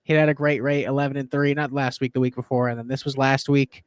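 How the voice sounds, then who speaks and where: A man hosting a casual sports betting chat, excitable and profane, rambling as he pushes his picks. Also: medium pitch, quick pace, clear, resonant tone, dry recording. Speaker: podcast host and betting tipster.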